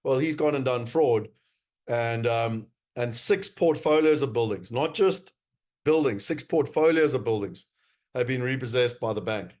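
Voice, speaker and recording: A man's voice: medium pitch, lively intonation, a little slow, a little mellow. A man with a South African accent giving a presentation to investors, emphatic and wry, with many fillers. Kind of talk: presentation talk.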